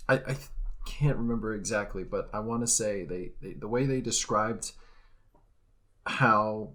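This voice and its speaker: A man's voice: on the low side, measured pace, a bit bright. A young man chatting casually during a game session, hesitant and trailing off as he gathers his thoughts. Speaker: let's play co-host. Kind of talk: casual gaming chat.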